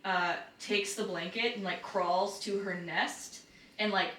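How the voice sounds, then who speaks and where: A woman narrating as game master of a tabletop role-playing game, brisk and wry. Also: medium pitch, steady tone, a bit bright. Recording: roomy, distant mic with faint noise.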